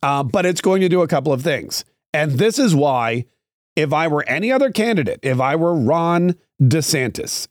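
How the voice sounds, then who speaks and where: A man's voice: fairly high pitch, dry recording, clean studio sound. A man hosting a political podcast, giving sarcastic, rambling opinion commentary with frequent restarts.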